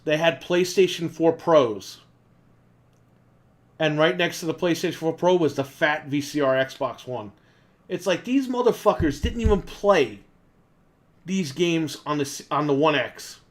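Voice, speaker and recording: A man's voice: a little high, animated, a little slow. A man co-hosting a gaming podcast, ranting casually, in a heated and profane way. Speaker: podcast co-host. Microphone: desk microphone.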